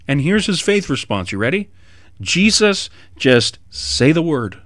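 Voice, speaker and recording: A man preaching an expository sermon in an animated way, rising to emphatic bursts. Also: on the high side, a little slow, dry recording.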